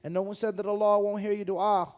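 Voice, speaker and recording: A man delivers a mosque lecture in a notably high voice. He is animated and rhetorical, peppering the talk with questions and mocking asides. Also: quick pace. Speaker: mufti giving a mosque lesson. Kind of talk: sermon-style lecture.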